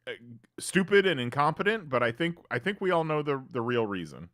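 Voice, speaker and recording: A man's voice: fairly high pitch, sing-song, brisk, a bit bright, no room sound, clean studio sound. A man co-hosting a podcast, joking and sarcastic in casual chat. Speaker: podcast co-host.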